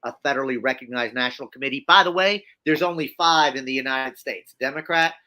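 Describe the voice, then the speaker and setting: Speaking fast at a medium pitch, a male guest in a conversational interview recounts his story with animation and emphasis. He frequently restarts and repeats phrases.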